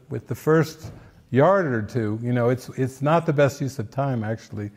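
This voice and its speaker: A man's voice: medium pitch, normal speed, darkish tone. A man giving casual spiritual commentary in an earnest, playful way, now and then acting out little quoted voices.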